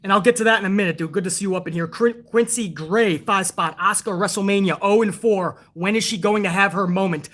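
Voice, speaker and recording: A man's voice: high-pitched, fast talker, hardly any pauses, fairly bright tone. Fired-up, profane male streamer. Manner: profane, fired-up ranting, reads out chat messages. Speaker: host of a wrestling review stream. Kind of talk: casual livestream commentary.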